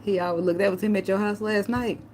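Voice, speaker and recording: A woman tarot reader giving casual spiritual advice, telling a personal story and breaking into a high pleading voice to act out begging. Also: quick pace, a little hiss or hum. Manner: animated storytelling, acts out begging in a high pleading voice, laughs often.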